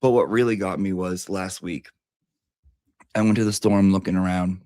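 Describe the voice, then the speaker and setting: A man's voice: sits low, steady tone, normal speed, mellow, no room sound. A man giving a brash, profane, theatrical comic review of beauty products.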